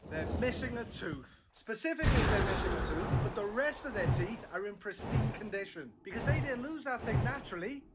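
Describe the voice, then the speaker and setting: A man delivers a sarcastic comedy monologue in a mock-earnest tone. His voice is notably high for a man. Clear background noise sits behind him. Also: lively intonation, a little fast, few pauses. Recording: noisy recording.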